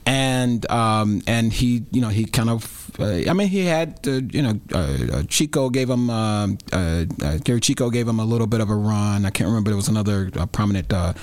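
A man with a fairly low voice, a guest on a talk show. He speaks in a thoughtful, measured way. The recording is dry and close. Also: animated, dry recording. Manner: thoughtful, measured, many fillers and restarts. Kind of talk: casual political chat.

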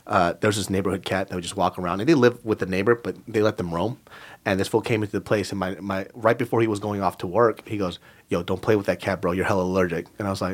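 A young man on a podcast, co-hosting and telling animated stories in casual chat, swearing and saying "dude" often. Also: deep voice, fast. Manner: animated storytelling, swears a lot, says "dude" and "bro". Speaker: podcast co-host.

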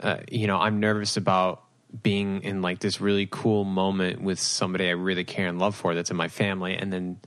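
A man's voice: deep voice, level tone, fairly quick, a bit bright, clear, resonant tone. A young man with a Rhode Island accent, co-hosting a podcast in casual chat, rambling with lots of fillers. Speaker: podcast co-host.

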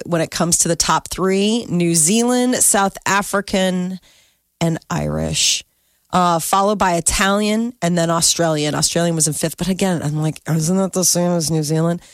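A woman's voice: fairly low pitch, dry recording. A chatty woman co-hosts a morning radio show. She reads out the news in easy, casual banter and laughs readily. Her voice sits close and dry on the mic.

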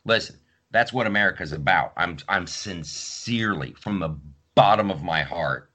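A man's voice: low-pitched, moderate pace. A man hosting a podcast, telling stories in casual chat and acting out the people in them. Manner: animated storytelling, acts out quotes. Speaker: podcast host.

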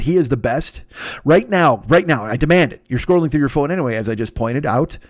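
A man's voice: mid-range voice, no room sound, studio quality. A man hosting a podcast, doing rambling, profane, joking ad reads in a casual chat style. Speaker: podcast host.

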